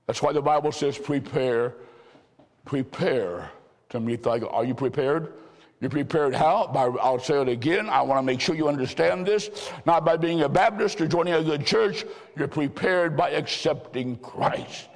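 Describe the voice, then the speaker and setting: A male preacher telling revival stories in a sermon, shifting between loud exclamations and slow, hushed emphasis. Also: a little high. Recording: long hall reverb.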